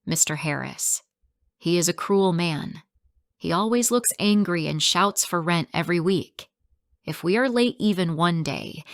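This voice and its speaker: A woman narrating a first-person story in slow, simple, clear sentences for English learners. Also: lowish voice, dry recording, clean studio sound.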